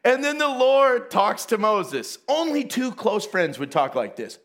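High-voiced man preaching playfully. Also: expressive, a little slow, fairly bright tone. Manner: playful, laughs often, acts out quoted voices. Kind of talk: casual sermon.

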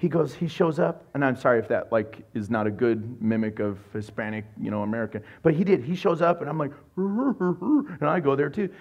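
Animated pastor joking through a sermon. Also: male voice, mid-range voice, moderate pace, hardly any pauses, lo-fi sound. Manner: animated, joking storyteller, acts out voices.

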